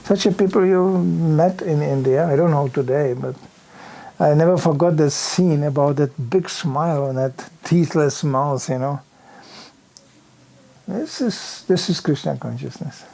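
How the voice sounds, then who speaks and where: Speaking at a measured pace in a slightly high, creaky voice, an older visiting preacher tells a vivid anecdote as a storytelling sermon in a temple hall. The lively, conversational delivery is dotted with "you know" asides and acted-out bumps and noises.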